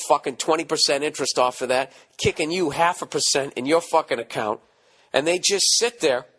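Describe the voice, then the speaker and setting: Hoarse profane man ranting. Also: a little high. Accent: Boston. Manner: profane, animated ranting with mocking asides. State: hoarse from screaming. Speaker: podcast host. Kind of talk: casual ranting monologue.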